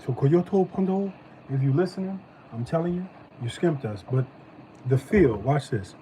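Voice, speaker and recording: A man hosting a live stream, chatting casually as he reviews snacks, animated and slangy. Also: on the high side, normal speed, slight background noise, low-quality recording. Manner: animated, loose slangy talk.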